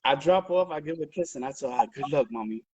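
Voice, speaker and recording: Husky man telling a story. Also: on the high side, fast, no room sound, dull audio. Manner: animated, profane, conversational. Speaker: interview guest. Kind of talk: casual storytelling on a livestream.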